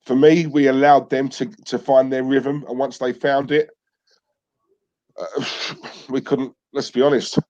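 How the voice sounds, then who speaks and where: A man's voice: medium pitch, level tone, unhurried, darkish tone. A man hosting a casual football chat, talking frankly, sighing and saying "let's be honest" again and again. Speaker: fan channel host. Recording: dull, lo-fi sound.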